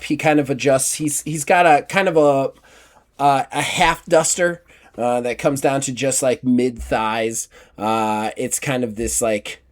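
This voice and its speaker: A man narrating a tabletop game as game master, rambling with many fillers and restarts. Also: mid-range voice.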